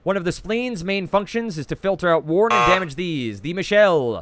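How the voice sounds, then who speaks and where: Animated Jersey-accented trivia host. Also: male voice, high-pitched, background noise. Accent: New Jersey. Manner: reads each clue twice, brisk and chatty, with frequent "uh". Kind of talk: reading trivia clues and scoring.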